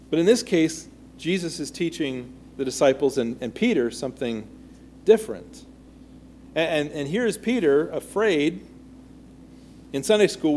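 A man's voice: a little high, darkish tone, slight background noise. A man teaching a Bible study in a conversational way, reading scripture aloud and then asking the group questions.

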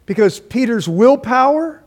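A man preaching a sermon, reading scripture and acting out voices with animated delivery and frequent restarts. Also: very high-pitched, a little slow. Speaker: pastor.

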